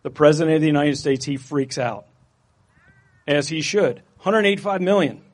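A man's voice: fairly high pitch, lively intonation, moderate pace. A man pastor giving a sermon in a casual, jokey, conversational manner.

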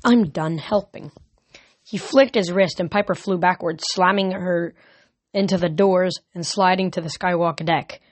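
Steady amateur reader, dry voice. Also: male voice, high-pitched, moderate pace, dry recording. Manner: steady reading with small slips. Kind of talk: amateur audiobook reading.

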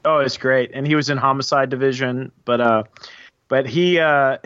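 A man co-hosting a casual film discussion, explaining in a halting way with many fillers. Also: mid-range voice, steady tone, fairly bright tone, clear, resonant tone, no echo. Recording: dull lo-fi dry sound.

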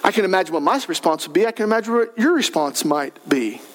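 A pastor preaching a sermon in a church, animated, his voice swelling to shouts for emphasis. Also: high voice, fast. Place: church sanctuary.

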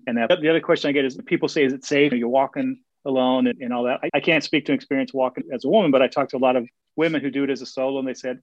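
A man telling stories as an interview guest, eager and quick, often repeating words as he restarts sentences. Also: medium pitch, dry recording. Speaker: guest, Camino walker and author. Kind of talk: casual interview storytelling. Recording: dull, dry lo-fi sound.

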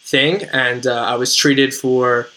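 Bright-voiced young New Jersey man. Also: medium pitch, steady tone, low-quality recording. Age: 20s. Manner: earnest, measured storytelling with fillers like "like". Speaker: podcast guest. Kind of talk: podcast interview.

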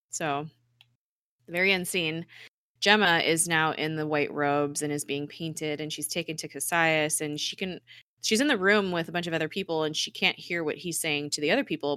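A woman's voice: sits low, normal speed, pushed and bright, no room sound, studio quality. A woman co-hosting a podcast, recapping a TV episode in a chatty, laughing way with lots of fillers.

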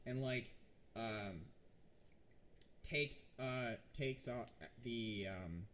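A man's voice: medium pitch, extremely slow, a bit bright, slight background noise. A man narrating a tabletop game as game master, talking casually with frequent restarts. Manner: hesitant, many restarts and fillers.

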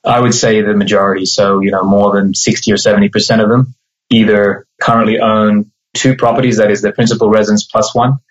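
A man from Australia with an Australian accent, a mortgage broker explaining things in a measured, casual interview. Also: lowish voice, level tone, highs cut off.

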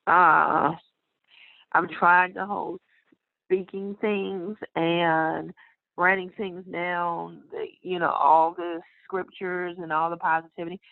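A woman speaking as a podcast guest in a frank, blunt and wry way, now and then clearing her throat. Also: fairly low pitch, little pitch movement, slow, dry recording. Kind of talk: candid conversation. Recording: tinny phone-line audio.

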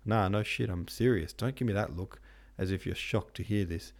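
A man's voice: on the low side, moderate pace, creaky. A man voicing a curt, irritable young prince who swears casually. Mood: bitter.

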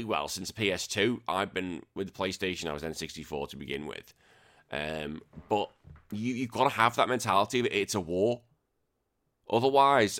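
A man's voice: lowish voice, a bit bright. A British man hosting a gaming podcast, ranting bluntly and emphatically with frequent swearing. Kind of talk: opinionated podcast rant.

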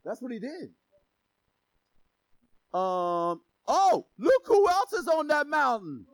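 A male pastor preaching a sermon in an energetic, joking manner, with shouted emphasis on key lines. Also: very high voice, takes it slowly, rough recording.

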